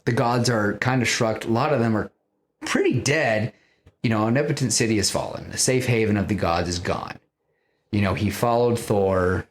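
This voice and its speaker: A man hosting a podcast, casually pitching a film story in a rambling way, full of fillers. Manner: rambling, many fillers like "you know".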